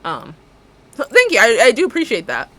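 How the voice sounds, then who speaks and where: A woman's voice: a little high, huge pitch swings, a little fast, sharp tone. A woman streamer chatting casually while she plays a game. She tells rambling stories and acts out both sides of each conversation. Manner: chatty and rambling, with frequent fillers and self-corrections.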